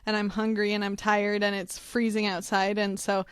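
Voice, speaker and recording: A woman's voice: mid-range voice, little pitch movement, moderate pace, smooth, dry recording, clean studio sound. A young woman co-hosting a podcast in casual chat. She is giggly and playful and slips into silly voices. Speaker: podcast co-host.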